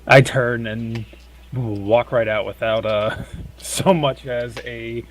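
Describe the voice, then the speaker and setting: A man's voice: medium pitch, fairly even intonation. A man with a medium voice plays a tabletop game, taking his time to narrate what his character does. A faint hiss of noise sits under the recording. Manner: describes actions slowly and deliberately. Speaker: player.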